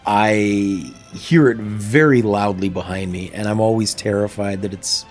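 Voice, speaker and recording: Rambling through a casual livestream from a home room near plumbing, a man laughs often as he plays a video game, using a desk microphone. He speaks in a lowish, steady voice without hurrying, over soft background music.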